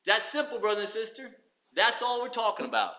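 High, bright-voiced male preacher. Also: sing-song, brisk. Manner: preaching with swings from loud to hushed. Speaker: pastor. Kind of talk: sermon.

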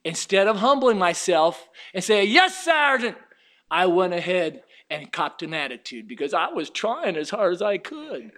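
Fervent high-voiced man preaching. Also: sing-song, normal speed, hardly any pauses, a bit bright. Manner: fervent, folksy preaching with personal stories. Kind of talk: sermon.

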